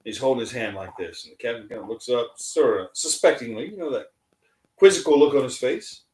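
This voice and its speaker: A man hosting a podcast, telling a crude army story in a profane, animated way. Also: mid-range voice, fairly quick, echoey room, low-quality recording. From United States. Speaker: podcast host. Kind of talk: casual podcast chat, storytelling.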